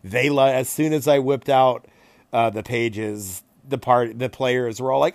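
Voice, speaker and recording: A man acting as game master, recapping a tabletop session in a casual, animated and profane way, laughing often. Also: mid-range voice, unhurried, gravelly, dry recording.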